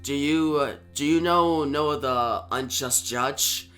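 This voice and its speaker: A man reading out the soft lines of a gentle old priest near death. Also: slow pace, soft background music. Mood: gentle, fading. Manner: soft, low, quiet reading. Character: dying old male priest, gentle and calm.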